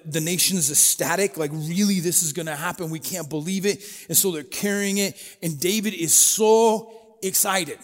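A middle-aged man preaching a sermon in a relaxed, conversational way, storytelling and acting out quoted voices. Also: fairly high pitch, long reverb tail. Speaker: pastor.

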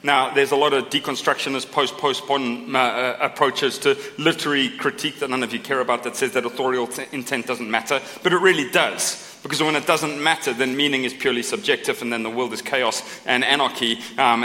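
A man's voice: medium pitch, steady tone, quick pace, few pauses, pushed and bright. A middle-aged male pastor giving a sermon in a chatty, joking way, often tagging his points with a questioning "right?". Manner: conversational preaching, tags lines with a questioning "right?"; self-deprecating humour, asides to the congregation. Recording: long hall reverb.

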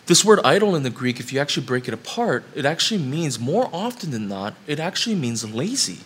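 A man's voice: fairly high pitch, sing-song, a little fast, a bit bright, slight background noise. A man preaching a sermon, building up to emphatic rhetorical questions.

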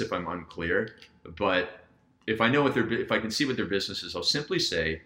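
A man's voice: mid-range voice, sing-song, a little fast, bright, forceful tone. A man, a guest business coach, telling stories in casual podcast talk and acting out quoted dialogue with animation. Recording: roomy echo.

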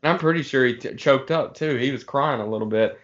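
Chill dude rambling a work story, cussing, mid voice, bit lo-fi. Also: male voice, mid-range voice, crowd noise. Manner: laid-back, swearing, drawn-out pauses. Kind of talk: casual storytelling among friends.

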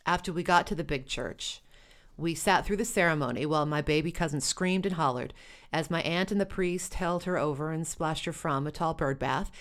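Low-voiced woman telling a wry story. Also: moderate pace. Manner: wry, dry humor. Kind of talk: first-person storytelling.

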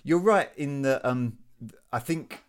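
A British man with a mid-range voice asks questions in a relaxed interview. He speaks thoughtfully, hesitating and repeating words as he works out what he means. The tone is conversational. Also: medium pitch, slow pace. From Britain. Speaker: podcast host. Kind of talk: casual interview.

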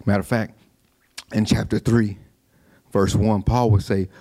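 A man's voice: lowish voice, level tone, measured pace, dark tone. A man preaching a sermon, conversational, with repeated restarts and call-and-response asides to the congregation. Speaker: pastor.

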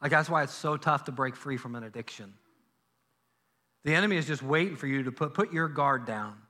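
A male pastor preaching a sermon in a church, telling a Bible story in a lively way and acting out the characters' lines. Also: medium pitch, a little fast. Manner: animated storytelling, acts out biblical dialogue. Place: church sanctuary.

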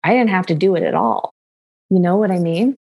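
A young adult woman telling a personal story in casual conversation, candid and animated, laughing often and swearing casually. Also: fairly low pitch, fairly quick, muffled recording.

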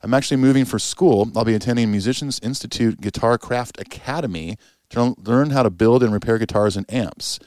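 A man's voice: mid-range voice, a little fast, a little mellow, dry recording. A man co-hosting a podcast in easygoing casual chat, reading listener emails and agreeing with his partner. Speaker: podcast co-host.

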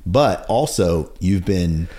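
A man with a low, deep voice hosts a casual podcast chat. He listens attentively, adds short agreements, and asks reflective follow-up questions. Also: expressive, slow pace, dark tone, a little hiss or hum. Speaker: podcast host.

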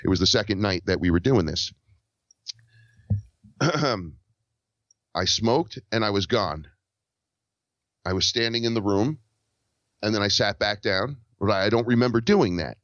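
Telling a story as a guest on a podcast, this man speaks in a fairly low voice, a bit slowly and with long pauses. He's animated and acts out the quoted lines of the people involved. The recording is dull, lo-fi and dry, with no echo.

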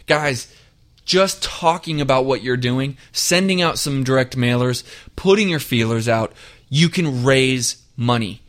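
A man hosting a podcast, talking straight to listeners in a direct, energetic coaching tone and driving his points home by repeating them. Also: mid-range voice, measured pace. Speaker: podcast host. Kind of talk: motivational podcast monologue.

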